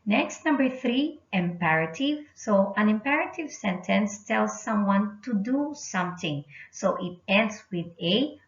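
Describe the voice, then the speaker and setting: A woman's voice: mid-range voice, animated, a little slow, hardly any pauses. A woman teaching an English grammar lesson, explaining patiently and repeating the key points. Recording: dull roomy recording.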